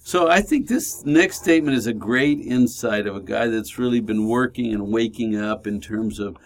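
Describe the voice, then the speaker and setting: A man co-hosting a radio program, talking in an earnest, reflective way and slowing down when he quotes others. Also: mid-range voice. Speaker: radio show co-host. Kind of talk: reflective conversation.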